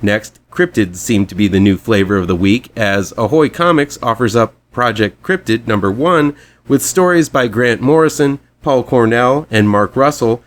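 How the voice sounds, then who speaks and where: A man hosting a weekly horror comics show, reading a scripted rundown with chatty, fan-like enthusiasm. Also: mid-range voice.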